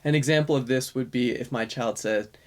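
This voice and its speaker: A speech-language pathologist, male, briskly yet calmly lays out a strategy for parents in a course lesson, with filler words and self-corrections. His voice falls in the mid range.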